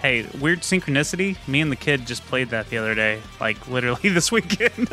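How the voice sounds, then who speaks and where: A man's voice: medium pitch, expressive, a little fast, pushed and bright, faint music behind. A man co-hosting a casual podcast, rambling and swearing with lots of fillers. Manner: rambling, profane, with frequent fillers and laughs. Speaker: podcast co-host.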